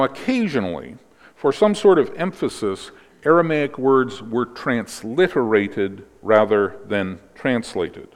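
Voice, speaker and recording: A man preaching, calmly explaining scripture and closing in prayer. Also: lowish voice, long reverb tail. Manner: explanatory teaching, ends in prayer. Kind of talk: sermon.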